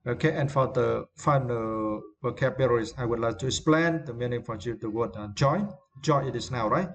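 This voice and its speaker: A man whose first language is Vietnamese leads an English vocabulary lesson. His voice sits at a middling pitch, and he hesitates often, filling gaps with fillers and checking in with tag questions. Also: moderate pace. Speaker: English teacher.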